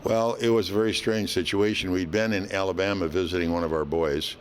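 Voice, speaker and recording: An older man, a veteran hockey announcer, telling stories in an interview in a folksy, unhurried way with frequent fillers. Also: low-pitched, fairly even intonation, a little hiss or hum. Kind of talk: relaxed interview storytelling.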